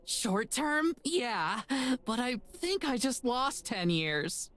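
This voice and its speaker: A man voicing a wary, easygoing young woman in a gently reassuring voice while reading a game aloud. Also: extremely high pitch, big pitch swings, slow pace, pitched above the performer's own voice, full character voice. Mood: uneasy.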